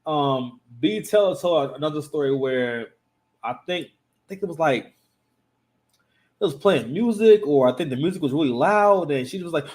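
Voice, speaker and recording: A man's voice: a little high, very animated, measured pace, a little mellow. A man hosting a casual reaction commentary, rambling and often restarting his sentences. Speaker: commentary channel host.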